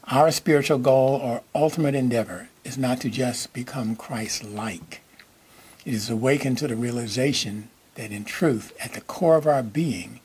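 A man preaching a sermon as minister, repeating key phrases slowly and checking in with his listeners. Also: medium pitch, darkish tone, husky.

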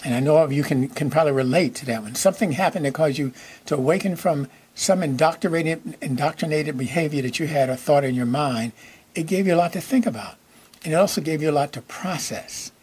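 A man preaching a sermon as minister, repeating key phrases slowly and checking in with his listeners. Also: fairly high pitch, darkish tone, breathy edge.

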